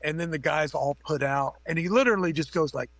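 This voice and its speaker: A middle-aged man with a gravelly, fairly high voice tells long, rambling stories packed with fillers and casual swearing. He speaks as a guest over a remote call, and the sound is dry and close. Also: brisk, a bit bright, no echo. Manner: rambling, anecdotal, profane, many fillers. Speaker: makeup effects artist guest. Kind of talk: casual interview storytelling.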